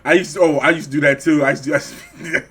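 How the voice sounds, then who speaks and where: A man's voice: on the high side, fairly even intonation, very fast, a bit bright, breathy edge. A middle-aged man co-hosting a podcast, talking casually and profanely, often acting out quoted voices. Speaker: podcast co-host. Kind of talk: casual chat.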